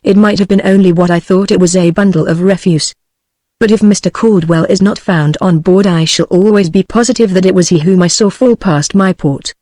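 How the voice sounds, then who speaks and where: A woman's voice: lowish voice, brisk, mellow, no room sound, studio quality, lightly acted. A text-to-speech woman's voice with a British accent voicing a frightened young woman passenger, without changing its voice. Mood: worried. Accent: British English. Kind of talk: synthetic text-to-speech book reading.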